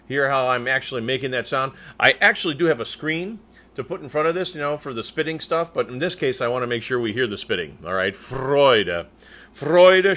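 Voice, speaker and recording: A man coaching tenors as a choir conductor, demonstrating German words slowly with crisp rolled R's between explanations. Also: mid-range voice, sharp tone. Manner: slow, deliberate delivery. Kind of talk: diction coaching lesson.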